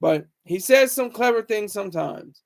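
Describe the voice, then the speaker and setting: A young man with a high voice rants in a loose, rambling way, sometimes swinging loud to taunt his critics. He talks straight to his viewers in a casual stream. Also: lively intonation, normal speed, creaky. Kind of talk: casual livestream rant.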